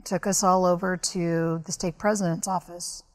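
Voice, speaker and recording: Woman guest, slightly low voice, earnest storyteller for a podcast interview. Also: flat delivery, moderate pace. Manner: candid, earnest, recounting events at length. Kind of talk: personal storytelling in conversation.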